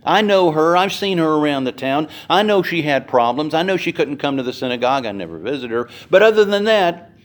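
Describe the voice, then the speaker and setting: A desperate father, pleading and strained, his voice climbing high and loud in his anxiety, as a preacher puts him on. He sounds close to breaking. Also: expressive, brisk, hardly any pauses, close to an everyday voice. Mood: frantic pleading. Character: Jairus, anxious desperate father, man.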